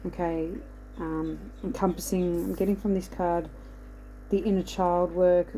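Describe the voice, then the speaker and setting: A woman speaking in a mellow, slightly low voice as she rambles through an oracle card reading. She keeps reassuring the listener and checking in with "okay?". A faint hum of noise sits behind her. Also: little pitch movement, a little slow, low-quality recording. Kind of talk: casual spiritual card reading.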